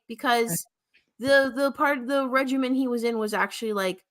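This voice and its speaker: A woman co-hosting a podcast in casual, profane chat, sarcastic and quick to laugh. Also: sits high. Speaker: podcast co-host.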